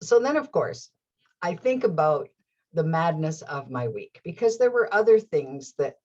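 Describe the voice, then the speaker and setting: A woman hosting her own show, telling a personal story in a casual, animated way with frequent laughter. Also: deep voice, unhurried, lo-fi sound. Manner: animated, laughs often, restarts phrases. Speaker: host.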